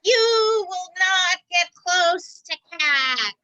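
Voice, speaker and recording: A woman's voice: very high voice, expressive, extremely slow, sharp tone, dull audio, heavily acted. A woman voicing a tiny, jealous pseudo dragon who boasts that she is its owner's protector, in an improv comedy scene. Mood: possessive. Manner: boastful and possessive.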